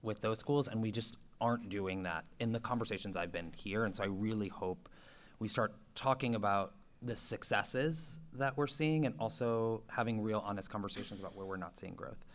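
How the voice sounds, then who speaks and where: Low-voiced man questioning at a meeting. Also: moderate pace, a little hiss or hum. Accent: Boston. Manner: casual, conversational, hedging with "like". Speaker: school committee member. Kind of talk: public meeting discussion.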